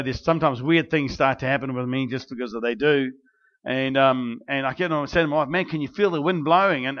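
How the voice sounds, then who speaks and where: A man preaching, first praying aloud and then telling stories in an animated way, with many fillers and restarts. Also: medium pitch. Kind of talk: prayer and sermon storytelling. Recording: dull lo-fi recording.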